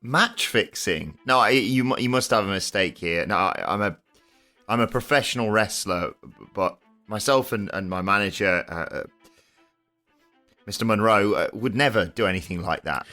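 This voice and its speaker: A man's voice: on the low side, moderate pace, sharp tone, faint music behind. A man voicing a brash young male pro wrestler, blustering and stammering. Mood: flustered. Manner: blustering, stammering when scared.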